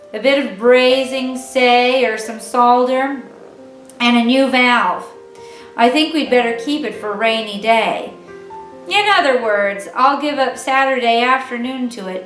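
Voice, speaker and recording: A woman's voice: on the high side, unhurried, fairly bright tone. A woman reading aloud, voicing a cheerful, kindly father in a children's story with a hearty manner. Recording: roomy, distant mic with faint music.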